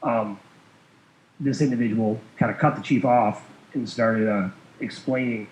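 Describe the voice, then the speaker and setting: A man at a medium pitch tells a long story in loose, rambling chat, full of fillers and soft chuckles. His voice sits in a roomy space with echo, and the sound is dull and lo-fi. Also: fairly even intonation, measured pace. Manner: rambling, many fillers, chuckles while telling. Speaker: guest.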